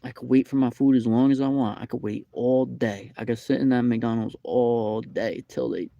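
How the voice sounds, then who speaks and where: A man's voice: mid-range voice, steady tone, normal speed, creaky, dark tone, no echo, highs cut off. A young man telling a rambling story on a live stream, with lots of fillers and repeated phrases. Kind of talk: casual live-stream chat. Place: McDonald's restaurant.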